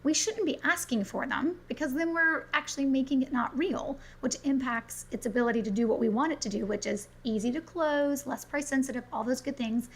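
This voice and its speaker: A middle-aged woman from South Carolina speaks with a mostly smoothed-out Southern accent. She talks fast and energetically in a bright, upbeat way. Her voice sits a bit high for a woman. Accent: mild Southern, mostly neutralized. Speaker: guest, business coach. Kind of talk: fast-paced interview talk.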